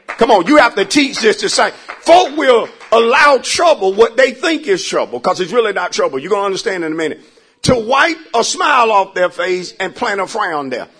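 A pastor preaching to his church, calling for responses and rising into shouts. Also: very high voice, sing-song, normal speed, husky. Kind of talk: call-and-response sermon.

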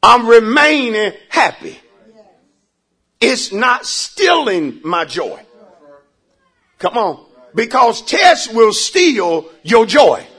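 A pastor preaching to his church, calling for responses and rising into shouts. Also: very high voice, sing-song, extremely slow, long pauses, slightly rough. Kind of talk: call-and-response sermon.

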